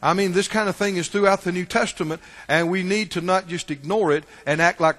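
High-voiced, bright preacher man. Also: brisk, hardly any pauses, big-room sound. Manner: rises to shouting exhortation, then drops low and quiet; call-and-response asides like "Right?" and "Huh?". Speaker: pastor. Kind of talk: sermon.

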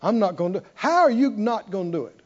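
A man preaching a sermon who moves from quiet, intimate storytelling to loud, emphatic exhortation and leads the congregation in call-and-response. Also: sits high, lively intonation, fast talker, dull audio.

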